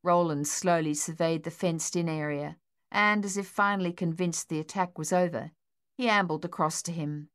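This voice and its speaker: Female audiobook narrator, low-pitched and steady. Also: moderate pace, clear, resonant tone.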